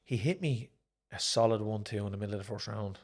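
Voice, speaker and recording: Gravelly Irish man, casual storytelling. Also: fairly low pitch, fast talker. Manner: animated, acts out quoted speech in raised voices. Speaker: guest, former professional boxer and promoter. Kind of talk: casual storytelling in a sit-down interview.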